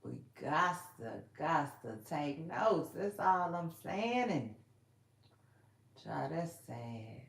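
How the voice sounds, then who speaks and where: A woman's voice: sits low, very animated, slow pace, creaky. A woman hosting a podcast, ranting about celebrity news in slangy casual talk, sighing and laughing as she goes. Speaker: podcast host. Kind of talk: casual celebrity gossip monologue. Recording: echoey room.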